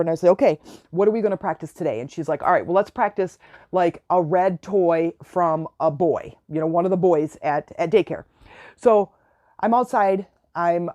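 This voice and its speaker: A woman hosting a spiritual self-help podcast, telling stories in a chatty way and breaking into excited exclamations as she instructs her listeners. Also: fairly low pitch, no room sound, studio quality. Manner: gives direct instructions to listeners. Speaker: podcast host.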